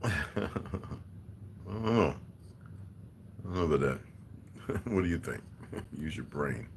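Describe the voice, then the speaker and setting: A man hosting a livestream in casual chat, reading and answering viewer comments, profane and blunt, laughing often and swinging between quiet muttering and loud heated outbursts. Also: a bass voice, sing-song, slow pace, a little hiss or hum. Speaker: livestream host.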